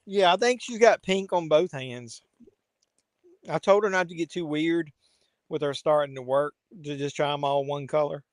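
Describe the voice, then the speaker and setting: Man, live stream host, casual rambling chat, fairly high voice, dry close sound. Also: normal speed, no echo. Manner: rambling, talks to viewers and his pet.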